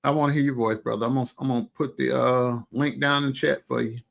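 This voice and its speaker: A man hosting a casual livestream chat, animated and exclamatory, with folksy asides and many drawn-out hums between remarks. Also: medium pitch, vocal fry. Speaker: livestream host.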